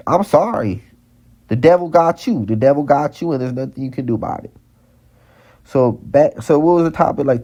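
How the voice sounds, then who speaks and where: A man's voice: medium pitch, darkish tone. A man delivering a heated vlog monologue, repeating lines over and over and stumbling into restarts. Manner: heated, repetitive, stammering restarts. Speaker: vlogger. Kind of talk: ranting monologue.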